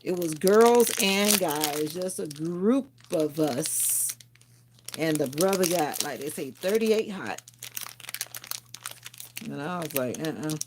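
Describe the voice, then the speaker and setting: A woman's voice: low voice, lively intonation, slow pace, pauses often, background noise. A woman hosting a casual livestream, chatting and answering viewer comments aloud. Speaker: livestream host.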